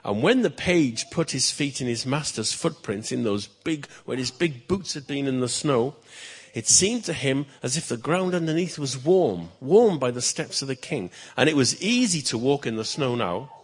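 Gravelly male pastor telling a story. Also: medium pitch, moderate pace, hardly any pauses. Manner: lively storytelling, chatty asides. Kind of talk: children's story talk in church.

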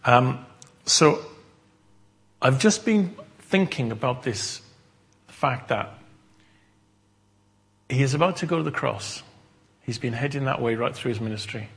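A man preaching a sermon, halting and repeating words as he thinks aloud. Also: medium pitch, expressive, slightly rough.

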